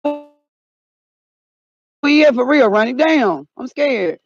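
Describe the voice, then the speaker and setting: A woman, hamming up a comic vlog outdoors, playing scared and shouting out calls. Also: sits high, expressive, takes it slowly, long pauses, no room sound, dull audio. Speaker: vlogger. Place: outdoors in the cold.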